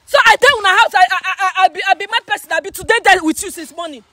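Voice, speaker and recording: A Nigerian woman acts in a comedy skit and keeps firing the same exasperated questions at the top of her lungs. Her voice sits extremely high and rings sharp and bright. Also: racing, no echo. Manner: shouting, exasperated, repeats questions. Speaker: skit actor.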